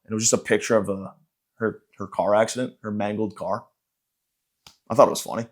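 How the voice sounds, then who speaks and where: A man's voice: lowish voice, fairly even intonation, fairly quick, pauses often. A man hosting a podcast, ranting in a profane, sarcastic, rambling comedic style. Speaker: podcast host and stand-up comedian. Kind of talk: casual comedic rant.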